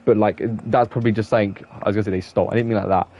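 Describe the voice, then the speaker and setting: A man's voice: on the low side, fairly even intonation, rapid-fire, darkish tone, highs cut off. A young man with an English accent chatting casually with his viewers while streaming a game, rambling on and restarting his sentences. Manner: rambling, self-admitted waffling with many restarts. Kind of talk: casual gaming stream chat.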